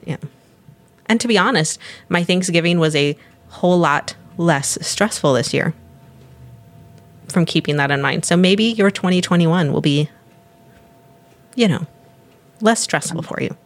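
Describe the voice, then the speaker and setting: A woman co-host talks in relaxed podcast conversation. She is reflective and supportive, and often stops and restarts as she works out what she means. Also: on the low side, unhurried, pauses often. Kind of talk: casual chat.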